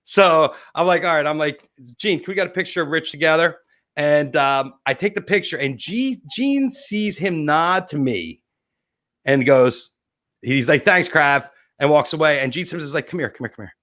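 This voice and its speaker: A man's voice: fairly high pitch, moderate pace, fairly bright tone. A man hosting a casual interview, chatty and telling stories, laughing easily. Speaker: show host.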